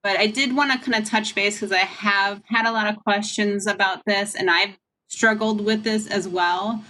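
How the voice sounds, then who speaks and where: A woman's voice: mid-range voice, steady tone, moderate pace, bright, forceful tone, slight background noise. A woman leading a staff meeting over a video call, talking in a chatty, frank and rambling way. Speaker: meeting leader. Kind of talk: casual meeting talk.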